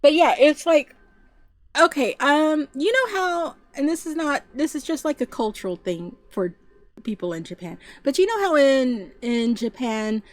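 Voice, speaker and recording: A woman streaming and telling personal stories in a loose, chatty way, full of restarts and asides. Her voice sits high and her pace is unhurried. The sound is dry and close, with no room around it. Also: no room sound. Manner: animated, puts on voices when quoting people; chatty, frequent fillers and restarts. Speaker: VTuber streamer. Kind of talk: casual storytelling chat.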